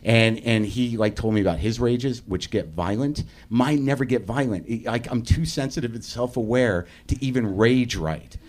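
A man's voice: mid-range voice, normal speed, hardly any pauses, a little mellow. A man hosting a live comedy podcast, rambling through a profane, self-deprecating monologue on stage. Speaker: podcast host. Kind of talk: live stand-up-style monologue.

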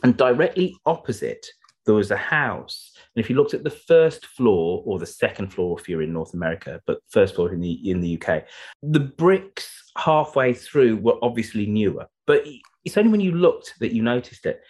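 A man's voice: lowish voice, big pitch swings, normal speed, a little mellow, slightly rough. A man with a Brummie accent, co-hosting a podcast and telling chatty, jokey anecdotes. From England. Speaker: podcast co-host. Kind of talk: casual chat.

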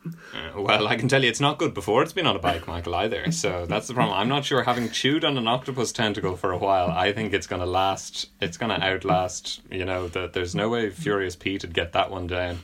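A man's voice: sits low, brisk, fairly bright tone. A British man in a casual comedic chat, rambling through self-deprecating stories. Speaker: podcast co-host.

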